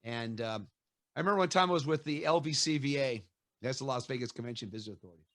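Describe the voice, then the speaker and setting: A middle-aged man hosting an interview, telling stories in a lively way and acting out quotes with laughs. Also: medium pitch, fast, no room sound, clean studio sound. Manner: animated storyteller, acts out quotes with laughs. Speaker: host. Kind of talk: casual storytelling interview.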